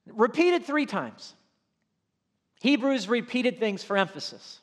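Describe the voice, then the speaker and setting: Male pastor giving a Bible-study sermon, high-pitched, animated, punches key phrases and drops to soft asides. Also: unhurried, long reverb tail. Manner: animated, swings from loud emphatic lines to soft asides. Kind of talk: expository sermon.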